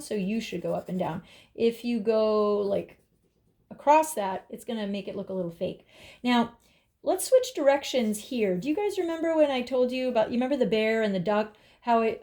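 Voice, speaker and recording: A woman with a fairly high voice leads a drawing class in an upbeat, encouraging way. She talks along as she works on the page, checking in with her students. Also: warm tone. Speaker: art teacher. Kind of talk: drawing lesson.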